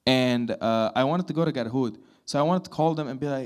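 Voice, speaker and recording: Speaking in a mid-range voice at a quick clip with barely a pause, this thirty-year-old voice-over artist and composer holds forth at a fireside chat. Before a live crowd in an event hall, he spins lively tales and performs the characters' lines.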